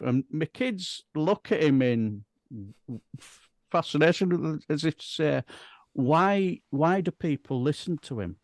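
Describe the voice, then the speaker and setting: A man's voice: on the high side, gravelly, no echo. A man with a Bradford accent chats on a podcast, rambling through anecdotes and chuckling along. The sound is dry and close. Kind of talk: casual political chat.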